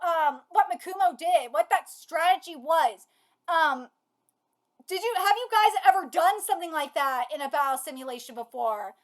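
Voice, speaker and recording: A woman's voice: very high-pitched, expressive, normal speed. A woman hosting a live manga reaction, exclaiming and swearing in disbelief, laughing, and talking straight to her viewers. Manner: addresses viewers directly.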